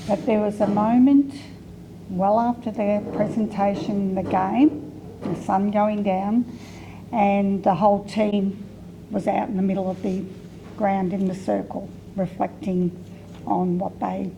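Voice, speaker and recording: A woman's voice: medium pitch, little pitch movement, unhurried, vocal fry, noisy background. A woman, a player's family member, reflecting on the team after a win. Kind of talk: casual interview.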